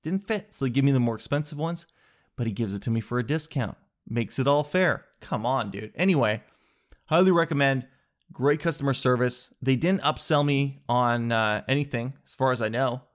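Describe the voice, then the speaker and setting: A man telling a comic story in a casual vlog. He talks in an animated, slangy way, says "dude" a lot, and jumps up in pitch for emphasis. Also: normal speed. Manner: animated, exaggerated, swings to high emphasis.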